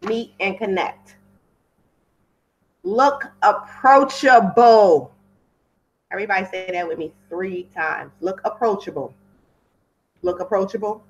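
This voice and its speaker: Over a computer microphone, with lo-fi sound, a woman in a lowish voice speaks at normal speed while hosting a webinar for wedding pros. Her talk is chatty and unscripted, and she repeats words to stress them.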